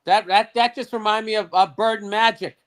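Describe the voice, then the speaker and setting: A man's voice: high voice, a little fast. A middle-aged man co-hosting a podcast, telling stories in casual, profane sports chat. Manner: profane, animated storyteller. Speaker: podcast co-host.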